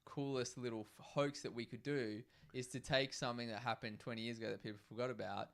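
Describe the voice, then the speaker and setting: A man's voice: mid-range voice, steady tone, fast talker, a bit bright. A young man, co-hosting a casual podcast, laid-back and skeptical, swearing freely. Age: young adult. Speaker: podcast co-host. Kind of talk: casual chat.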